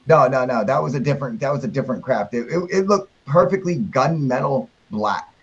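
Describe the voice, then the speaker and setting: A young man hosting a live stream, telling a story in a rambling, excited way, swearing constantly and piling up fillers. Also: medium pitch, brisk, breathy edge. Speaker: show host telling his sighting. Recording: muffled lo-fi stream audio.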